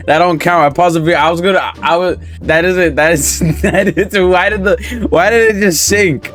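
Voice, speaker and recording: A man's voice: high voice, fairly even intonation, normal speed, fairly bright tone, soft background music. A man doing casual reaction commentary on funny videos, laughing often and repeating short exclamations.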